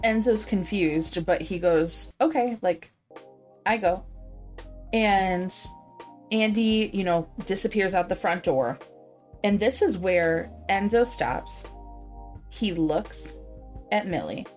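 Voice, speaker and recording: Lower-voiced woman podcast co-host. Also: slow, soft background music. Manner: candid, animated storytelling with swearing. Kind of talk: casual book discussion.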